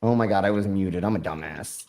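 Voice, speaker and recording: Pria pembawa acara santai, suara agak rendah. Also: male voice, deep voice, a little fast, gravelly, crowd noise. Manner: laughing, loose, swears casually. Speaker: stream host. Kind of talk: casual chat.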